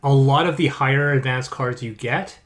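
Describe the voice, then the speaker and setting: A man with a medium-pitched voice speaks at a normal pace as a board game podcast co-host in a casual chat, rambling with frequent restarts and repeated words as he makes a sarcastic aside.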